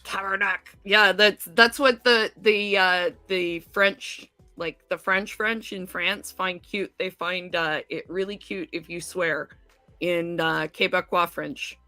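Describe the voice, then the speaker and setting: A woman's voice: on the low side, steady tone, slow, pushed and bright, dry recording, soft background music. A woman hosting a casual podcast chat, offhand and loose in how she talks. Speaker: podcast host.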